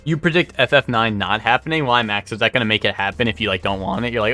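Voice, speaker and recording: A man's voice: fairly low pitch, fast talker, sharp tone, faint music behind. A young man streaming live, chatting casually and rambling as he answers his chat.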